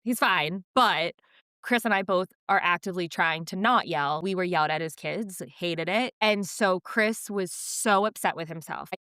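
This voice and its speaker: Candid, smooth-voiced mom telling stories. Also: female voice, lowish voice, normal speed, bright, forceful tone, dry recording, studio quality. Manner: candid, emotional storytelling with quoted voices. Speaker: podcast co-host. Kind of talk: casual chat.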